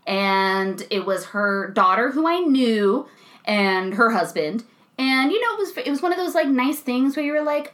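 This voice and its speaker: A young woman co-hosting a podcast, with a high voice that leaps up and down as she tells a story. She chats casually and laughs easily, acting out what other people said. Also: normal speed. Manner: animated, laughs often, acts out quotes. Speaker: podcast co-host. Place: recording studio.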